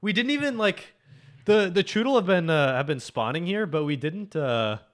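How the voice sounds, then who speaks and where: Young male streamer, slightly high voice, casual joking chat, swears a lot, desk mic. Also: animated, moderate pace, a bit bright.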